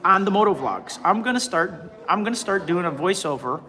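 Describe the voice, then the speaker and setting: A man in his forties hosts a casual livestream, reading viewer comments aloud and rambling with frequent restarts and repeated words. His high voice has lively intonation and a slightly fast pace. The audio is poor, with crowd noise in the background.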